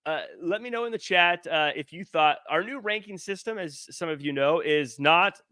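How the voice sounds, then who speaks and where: A man's voice: fairly high pitch, normal speed, pushed and bright, no room sound, clean studio sound. A man hosting a podcast in casual chat, joking and reading viewer comments aloud into a headset mic. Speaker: podcast host.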